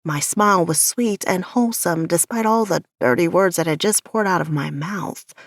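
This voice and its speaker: A woman narrating an audiobook in the first person with a measured, softly intimate delivery. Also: fairly low pitch, no room sound, clean studio sound.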